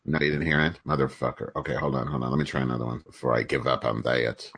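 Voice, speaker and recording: A man's voice: a bass voice, little pitch movement, fast talker, fairly bright tone, husky. A man co-hosting a casual podcast, testing his desk mic over a call and bickering crudely with his co-host. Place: workplace room with a fan.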